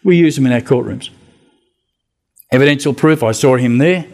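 A man preaching a sermon, telling Bible stories with lively acted-out voices and rhetorical questions. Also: mid-range voice, moderate pace, creaky. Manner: animated storytelling, acting out biblical voices.

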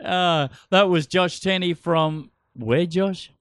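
A man's voice: high voice, slow, fairly bright tone, dry recording, clean studio sound. A man hosting a casual radio show, teasing callers and laughing often.

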